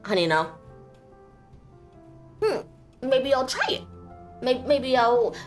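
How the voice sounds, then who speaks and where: A young woman streamer rambling playfully while she plays, goofy and quick to break into silly bits. Her voice sits fairly high, and soft game music runs faintly behind her. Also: big pitch swings. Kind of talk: casual game commentary.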